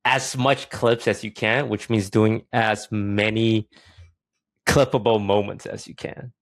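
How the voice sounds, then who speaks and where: A man co-hosting a podcast, explaining things in a relaxed, casual way with some fillers. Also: fairly low pitch, slow, dry recording. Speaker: podcast co-host, streamer.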